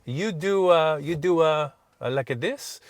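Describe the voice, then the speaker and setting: A man's voice: fairly high pitch, unhurried, dry recording, voice pushed up, natural voice. A man voicing an Italian toll-booth worker who speaks hesitant, broken English with an Italian accent. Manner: hesitant, searching for English words.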